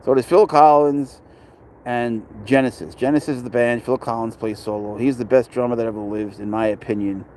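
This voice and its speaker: His medium-pitched voice is a little fast and a little mellow, with fairly even intonation and slight background noise. A middle-aged pet owner vlogger from New York, he rambles in casual chat with passers-by and viewers at a city dog park.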